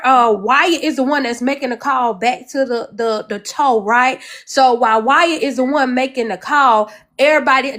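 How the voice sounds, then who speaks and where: A woman's voice: sits high, fairly bright tone. A woman calling into a live stream, laying out her theory in long run-on stretches of casual commentary.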